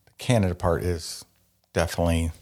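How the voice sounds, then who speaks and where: Deep-voiced man, rambling podcast chat. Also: fairly even intonation, fairly quick, darkish tone. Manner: rambling, filler-heavy, joking. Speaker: podcast co-host. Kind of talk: casual chat.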